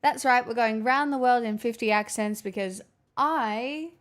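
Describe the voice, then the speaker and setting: High-voiced playful young woman streamer. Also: unhurried. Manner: playful and teasing, calls viewers "my darlings", laughs often, swears casually. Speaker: livestream host chatting with viewers. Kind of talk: casual live-stream chat.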